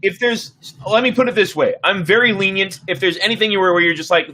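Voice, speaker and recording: A man narrating a tabletop game as game master over a stream, easygoing and relaxed, with many filler words. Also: sits high, fairly quick, poor audio.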